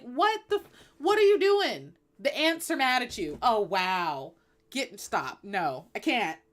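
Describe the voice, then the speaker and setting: Woman, somewhat high voice, blunt, sassy, emphatic, live stream chat. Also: fairly bright tone. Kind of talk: opinionated casual chat.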